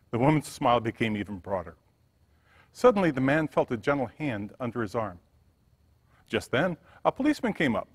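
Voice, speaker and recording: A male pastor reading a story aloud in a sermon with expressive storytelling. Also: mid-range voice, fairly quick, husky. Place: church sanctuary. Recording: church hall reverb.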